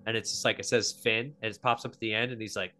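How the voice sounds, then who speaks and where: A man's voice: fairly low pitch, fast, faint music behind. A man hosting a podcast, chatting casually about films, swearing often and breaking into acted-out voices. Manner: animated, swearing, acts out voices. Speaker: podcast host. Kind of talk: casual chat.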